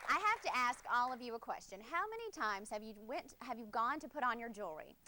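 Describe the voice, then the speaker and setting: A woman's voice: fairly high pitch, sing-song, quick pace, crowd noise, noisy background. A young woman with an Alabama Southern accent, a host candidate talking earnestly and demonstrating a product on air. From Alabama, USA. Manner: upbeat, earnest, warmly persuasive. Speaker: host candidate, news anchor.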